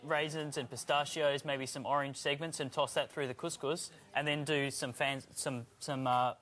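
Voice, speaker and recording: A man working as a chef, relaxed and thinking aloud as he explains his dishes on a studio show. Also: medium pitch, moderate pace.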